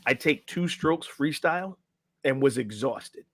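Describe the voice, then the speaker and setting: A man's voice: medium pitch, animated, a little slow, dry recording, studio quality. A middle-aged man, a podcast guest and life coach, telling a story casually and acting out the quotes, often tagging lines with "right?".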